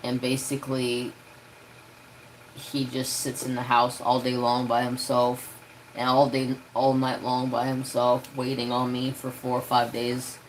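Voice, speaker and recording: Slow, rambling man chatting on a stream. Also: mid-range voice, monotone, slight background noise, rough recording. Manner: rambling, easygoing, with many fillers. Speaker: craft live-stream host. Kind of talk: casual live-stream chat.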